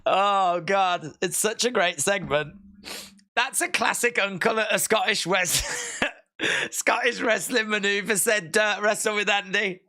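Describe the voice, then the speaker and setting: A speaker giving excitable live reaction commentary on a wrestling show, breaking into shouts and laughs. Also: mid-range voice, unhurried. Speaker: wrestling watch-along streamer.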